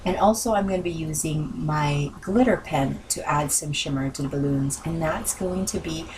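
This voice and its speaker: A woman's voice: low-pitched, moderate pace, a little mellow, far from the mic, a little hiss or hum, low-quality recording. A woman narrating a crafting video in a casual voice-over, rambling with many ums and self-corrections, her voice worn from talking. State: losing her voice.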